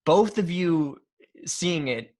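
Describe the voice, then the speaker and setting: A man co-hosting a casual podcast chat, joking and reacting quickly. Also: a little high, lively intonation, a little mellow. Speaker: podcast co-host.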